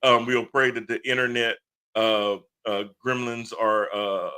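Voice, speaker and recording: A man's voice: medium pitch, steady tone, unhurried, pushed and bright, smooth. A man hosting a casual livestream talk show, blunt and impassioned, laughing often. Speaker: host.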